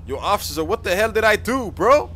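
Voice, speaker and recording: A whiny young driver in a comedy skit, played by a man, pleading and griping at the officer who stopped him. His voice is high and bright. Faint background hiss. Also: big pitch swings, fairly quick, exaggerated voice. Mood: indignant. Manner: pleading and complaining, calls everyone bro. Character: whiny young male driver pulled over.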